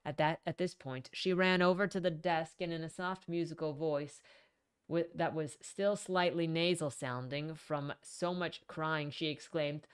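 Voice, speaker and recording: A woman reading a novel aloud in an animated, casual way, stopping to correct her own slips. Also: deep voice, a little slow, clean tone. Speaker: reader.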